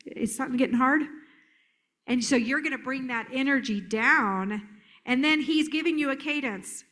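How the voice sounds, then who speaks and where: Brief: middle-aged woman therapist presenting a workshop, playful and animated, slightly high voice. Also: moderate pace. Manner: lively, playful, acts out children's voices. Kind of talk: conference workshop talk. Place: conference hall.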